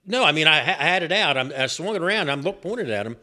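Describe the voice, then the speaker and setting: An older man telling a story on a podcast in an animated, profane way and repeating himself as he goes. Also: on the high side, quick pace. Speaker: guest, host's father.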